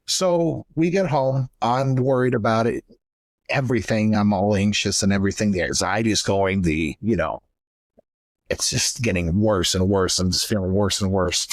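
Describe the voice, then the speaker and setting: Speaking at a moderate pace with a fairly low pitch, a young man co-hosting a podcast tells a painful family story. The clean studio recording has no room sound, and his candid, emotional retelling includes acted-out voices of those involved.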